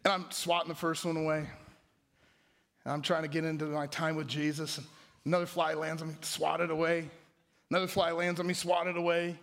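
A man with a high, bright voice preaches a sermon in a church. He jokes often and turns to the crowd with prompts, swinging between playful asides and rising, emphatic lines. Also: level tone, brisk, vocal fry.

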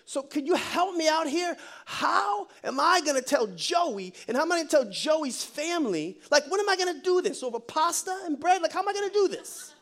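A man voicing Mary as an excited, fast-talking young Italian woman in a comic sermon retelling. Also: extremely high pitch, pitched above the performer's own voice, heavily acted. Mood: pleading, excited. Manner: excited, pleading, rapid questions.

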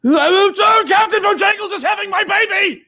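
A man voicing a confused, excitable wounded man who has just come to, shouting and bewildered. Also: sits high, brisk, gravelly, exaggerated voice. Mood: delirious.

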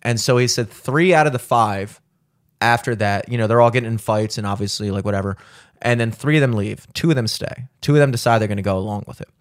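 A man's voice: fairly low pitch, fast. Man, podcast co-host, casual, rambling, lots of "like" and swearing. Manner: rambling, profane, many fillers and restarts.

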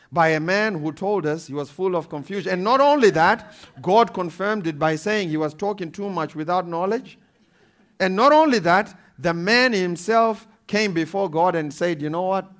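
Delivering a sermon with energy and emphasis, this pastor has a high male voice. He repeats scripture references and breaks into laughter between points.

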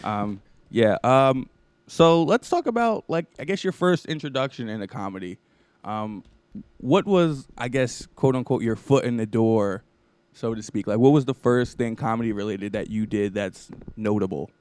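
A man's voice: mid-range voice, lively intonation, moderate pace, darkish tone, clean tone. A man hosting a casual podcast interview, loose and joking, swearing now and then. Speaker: podcast host. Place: basement studio.

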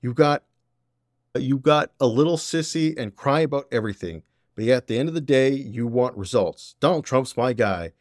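A man's voice: mid-range voice, expressive, moderate pace, a little mellow, no room sound, studio quality, natural voice. A man doing a mocking, exaggerated put-on Southern US accent as a blustering middle-aged man.

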